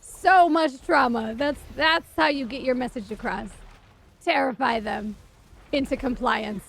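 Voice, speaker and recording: A woman streamer casually retelling stories while gaming, sarcastic and profane, animated. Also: on the high side, a little slow, vocal fry, husky.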